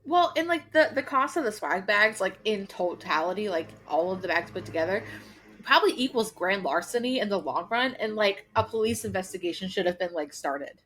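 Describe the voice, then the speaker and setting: A woman co-host in a relaxed podcast chat. She talks emphatically and loosely, packing her sentences with "like" and slangy asides. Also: mid-range voice, a little fast. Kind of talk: casual chat.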